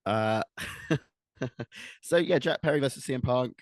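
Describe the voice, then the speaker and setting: A man's voice: medium pitch, takes it slowly, no echo, studio quality. A man co-hosting a casual podcast chat, joking and offhand. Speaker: podcast co-host.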